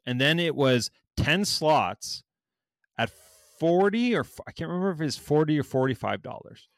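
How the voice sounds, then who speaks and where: A man's voice: a little high, moderate pace, gravelly, no room sound, studio quality. A man, telling a story in casual chat, swearing a lot and acting out what people said. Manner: animated storytelling, heavy swearing, acts out quotes.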